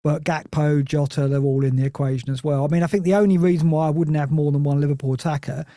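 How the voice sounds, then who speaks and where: A man's voice: on the high side, fairly even intonation, quick pace, dark tone, no echo, clean studio sound. A man chatting on a football podcast, rambling and restarting his sentences often. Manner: rambling, self-interrupting, many restarts. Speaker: Nottingham Forest fan guest. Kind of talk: casual podcast chat.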